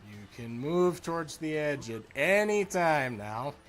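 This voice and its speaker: A man narrates a tabletop game as its game master. His voice sits a little high, and he talks very slowly, with long pauses and plenty of fillers between phrases. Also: lively intonation, a bit bright, faint music behind. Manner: slow, halting narration with many pauses and fillers.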